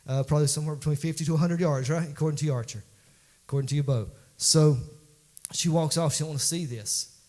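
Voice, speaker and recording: A man's voice: a little high, fast talker, warm tone. A man, a pastor preaching a folksy, conversational sermon in a church that builds to emphatic peaks.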